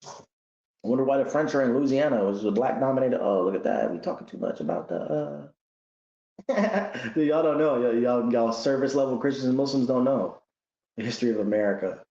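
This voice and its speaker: A man giving a casual religious commentary monologue, animated and talking in rough slang, often repeating words as he goes. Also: medium pitch, a little fast, echoey room, lo-fi sound.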